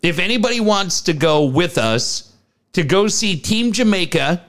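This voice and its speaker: Guy cohosting a sports pod, kinda high voice, bouncy and chatty. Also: lively intonation, unhurried, fairly bright tone. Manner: upbeat, promotional, rambling. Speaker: podcast co-host. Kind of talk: casual sports podcast chat.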